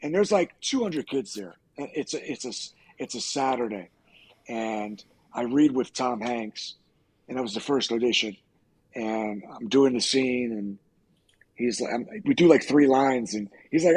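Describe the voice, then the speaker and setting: A middle-aged man, an actor on a podcast, casually telling profane, animated stories and acting out quoted lines. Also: mid-range voice, moderate pace, husky. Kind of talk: casual storytelling.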